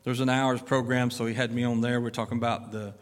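Middle-aged pastor, folksy and filler-heavy, mid-pitched, recorded in a reverberant sanctuary. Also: male voice, quick pace. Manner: folksy, filler-heavy, lively rises of emphasis. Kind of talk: church announcements and sermon. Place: church sanctuary. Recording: long church-hall reverb.

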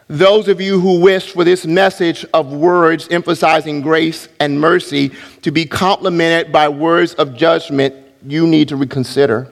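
A man's voice: fairly high pitch, in a large hall. A man preaching a sermon as pastor, emphatic, with rhetorical questions, in a church sanctuary.

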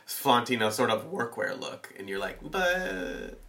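A man in casual chat, joking and animated. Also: on the low side, normal speed. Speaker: guest.

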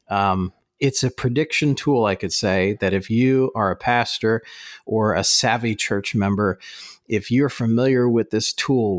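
A man co-hosting a podcast, speaking in a measured, thoughtful way with some hesitations. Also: fairly low pitch, dry recording, clean studio sound. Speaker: podcast co-host. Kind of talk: casual chat.

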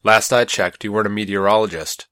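A brisk, sharp-tongued woman scientist on Mars, as a male narrator puts her on, her voice nudged higher than his own deep narrating tone. She snaps off clipped, impatient retorts in an audiobook, recorded close and dry with no room sound. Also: steady tone, no room sound. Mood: curt, anxious. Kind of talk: audiobook character voice.

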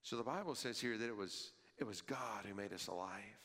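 Emphatic preacher in a reverberant hall. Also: male voice, fairly quick, sharp tone. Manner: emphatic, repeating key phrases and building in pitch and volume. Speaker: pastor. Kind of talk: sermon.

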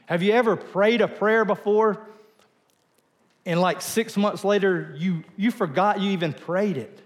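A male pastor giving a conversational sermon in a church, asking the congregation questions and dropping to a quiet voice for emphasis. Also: sits high, measured pace, in a large hall.

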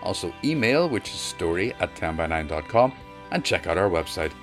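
A man hosting a podcast, thanking a guest and signing off the episode in a brisk, friendly way. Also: sits low, big pitch swings, a bit bright. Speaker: podcast host. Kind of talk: podcast outro. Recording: faint music behind.

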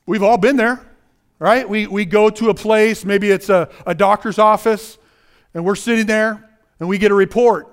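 A man's voice: high voice, fairly even intonation, normal speed, clean tone. A man giving a conversational sermon, talking directly to the listeners as guys and often restarting his phrases. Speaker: preacher.

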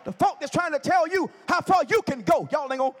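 Brief: male preacher, very high voice, fiery church sermon with shouted call-and-response. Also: expressive, a little fast.

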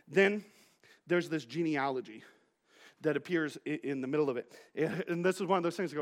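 A man's voice: a little high, fairly quick. A male pastor giving a sermon in a conversational, joking way, telling playful stories to his congregation.

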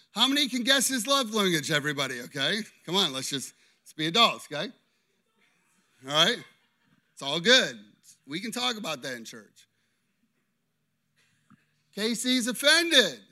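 A man preaching a lively, interactive sermon, stopping often to check in with his listeners. His voice sits high for a man and rings very bright and forceful. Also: unhurried, long pauses. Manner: animated, constantly checking in with "okay?". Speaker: pastor.

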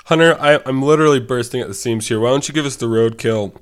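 A man's voice: mid-range voice, quick pace, smooth. A man co-hosting a podcast, sick and congested, who rants with sarcastic exaggeration. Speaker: podcast co-host. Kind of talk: casual ranting chat.

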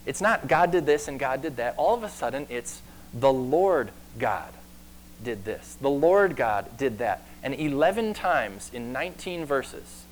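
A man preaching a sermon in an earnest way, slowing down and getting louder to stress key words. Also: medium pitch, slight background noise, poor audio. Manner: earnest, varies pace and loudness for emphasis.

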